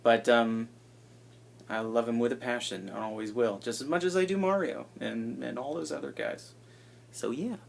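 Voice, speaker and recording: A gravelly-voiced man in his twenties rambles casually, with a self-deprecating streak and hushed asides. His pitch sits in the middle range. He is recorded on an iPad held at arm's length. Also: moderate pace. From United States. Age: 20s. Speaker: vlogger introducing himself.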